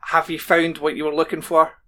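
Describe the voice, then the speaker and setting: A man's voice: fairly high pitch, completely flat delivery, a little fast, bright, forceful tone. A man co-hosting a casual podcast, chatting about a TV show and reading plot summaries aloud. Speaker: podcast co-host. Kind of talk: casual chat.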